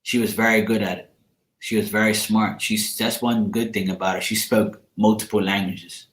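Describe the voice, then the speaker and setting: Worn out at the end of his day, this tarot reader talks loosely with his live-stream audience, cracking jokes and cursing without restraint. He speaks a bit low and a bit bright, at a moderate pace with fairly even intonation, and the room echoes noticeably.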